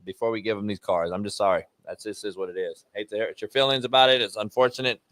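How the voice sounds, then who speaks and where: A middle-aged man hosting a casual sports talk show, rambling loosely and swearing freely. His voice is bright and forceful, recorded dry and close. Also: fairly low pitch, steady tone, quick pace, dry recording.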